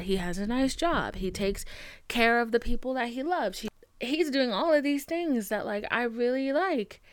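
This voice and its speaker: A woman's voice: a little high, dry recording. Young woman, solo podcast host, candid, self-deprecating, profane, filler-heavy, dry close sound. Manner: frank, self-mocking, profane, with lots of "like" fillers.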